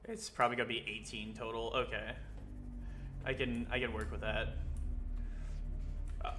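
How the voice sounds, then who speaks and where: Excitable, cursing young man gaming. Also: mid-range voice, slight background noise. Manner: excitable, swears a lot, yelps when scared. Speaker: gaming video host. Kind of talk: casual gameplay commentary.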